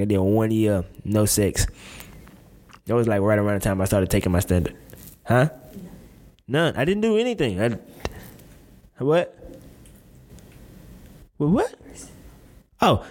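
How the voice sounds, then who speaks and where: A young man in his twenties talks straight to the camera in a candid confessional monologue, his voice sitting a little low. He rambles in loose slang and often restarts his sentences. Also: darkish tone.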